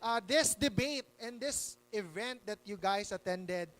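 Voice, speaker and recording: A man co-hosting a live event in a hotel function hall, chiming in with quick quips and finishing his partner's lines. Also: sits high, expressive, a bit bright, slight background noise. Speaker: event co-host.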